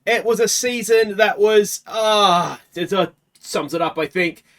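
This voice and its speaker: An Australian man hosting a let's play, talking casually through a game and swinging from quiet muttering to anguished shouts. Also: high voice, unhurried.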